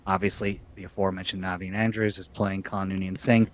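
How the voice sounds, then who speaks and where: Chatty male podcast co-host. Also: fairly quick. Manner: chatty, jokey, drifting pitch when excited. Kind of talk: casual chat.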